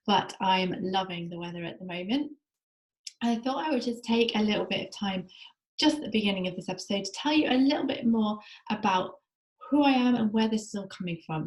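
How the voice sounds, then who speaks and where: A woman's voice: medium pitch, echoey room, rough recording. Chatty English woman hosting a faith podcast. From England. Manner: enthusiastic, chatty, reflective. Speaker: podcast host. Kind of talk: personal faith podcast monologue. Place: at home in Israel.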